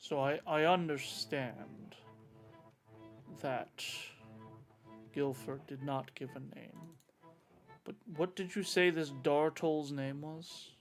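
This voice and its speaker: A man's voice: fairly high pitch, steady tone, takes it slowly, long pauses, soft background music. A man running a tabletop role-playing game, narrating what characters do and speaking their lines in his own voice. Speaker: game master.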